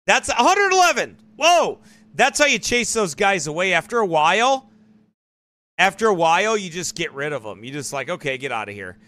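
Animated, bright-voiced male preacher. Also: high voice, normal speed, no echo. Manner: animated, mocking, emphatic. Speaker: pastor. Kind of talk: livestreamed sermon commentary.

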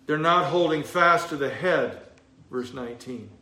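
A man's voice: on the high side, unhurried, sharp tone. A pastor preaching an expository sermon in a conversational way, asking rhetorical questions of his congregation. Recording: echoey room.

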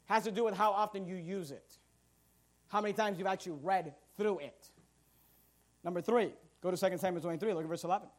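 A man's voice: high-pitched, quick pace. A man preaching a fiery sermon as pastor, emphatic and confrontational, repeating his points. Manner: emphatic, repetitive, confrontational preaching with rising volume bursts.

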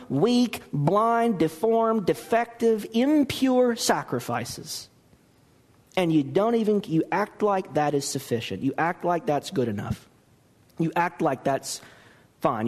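A man's voice: on the high side, in a large hall. A man preaching a sermon, acting out the quoted dialogue with expression. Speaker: pastor.

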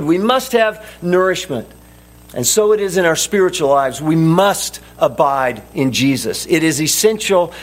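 A man preaching a sermon in an earnest, emphatic way, repeating his key phrases for weight. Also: on the high side.

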